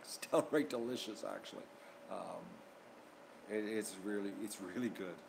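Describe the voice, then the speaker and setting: The background is noisy as a man with a fairly low, gravelly voice talks at a moderate pace. He's hosting his channel and chatting casually to viewers, rambling and repeating himself as he gets worked up.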